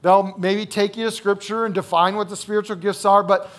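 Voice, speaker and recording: A male pastor with a high-pitched voice gives a sermon in an easy, conversational tone. He repeats key phrases for emphasis and keeps asking "right?" and "okay?" to check that his listeners are following. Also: steady tone, a little fast, a bit bright.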